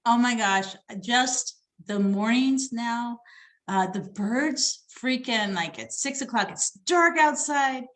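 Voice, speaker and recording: A woman romance author talking casually about her writing, chatty and quick to laugh. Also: fairly high pitch, animated. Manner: chatty, warm laughs, repeats herself. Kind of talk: casual chat.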